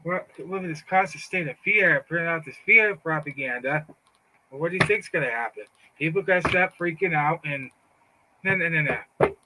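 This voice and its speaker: A man's voice: on the high side, normal speed, noisy background. A middle-aged man giving a fired-up, taunting political monologue, often stumbling and repeating words. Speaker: political commentator. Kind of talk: casual monologue.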